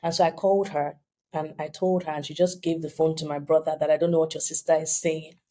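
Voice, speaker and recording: A woman's voice: low voice, little pitch movement, quick pace, mellow. A woman in her thirties with a Nigerian accent, telling her story animatedly as a podcast guest and acting out the voices she quotes. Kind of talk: storytelling in an interview.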